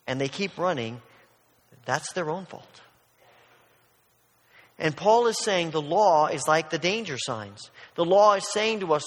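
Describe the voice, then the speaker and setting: A man with a high voice preaches in an earnest, emphatic way, often doubling back to repeat words mid-sentence. His voice carries a long, lingering reverb, as in a large church sanctuary. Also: lively intonation, unhurried. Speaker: pastor. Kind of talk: sermon.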